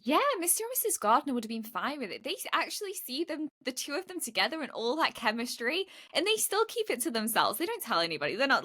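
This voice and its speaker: A woman co-host chatting casually, her voice bright and forward. She rambles along with plenty of fillers and laughs as she goes. The sound is dry and close, with little room. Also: fairly high pitch, no echo. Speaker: podcast co-host. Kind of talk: casual chat.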